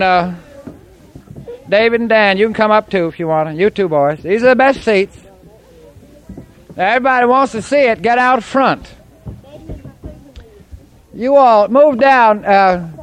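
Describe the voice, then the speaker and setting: A man as a puppeteer, chatting in a folksy, coaxing way to children at a live puppet show. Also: high voice.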